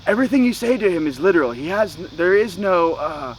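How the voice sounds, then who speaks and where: A man voicing a small wisecracking raccoon, quoting him quickly in a near-normal voice. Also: high-pitched, lively intonation, a little hiss or hum, poor audio. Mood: explaining.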